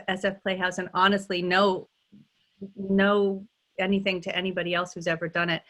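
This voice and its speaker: A woman's voice: lowish voice, fairly bright tone. A middle-aged woman, a dialect coach, talking casually in an interview, thinking aloud with frequent restarts and ums.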